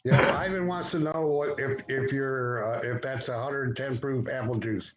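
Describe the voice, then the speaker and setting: A man co-hosting a casual live show, dropping quick joking asides over a video call. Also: medium pitch, steady tone. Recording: dull call audio with clear noise.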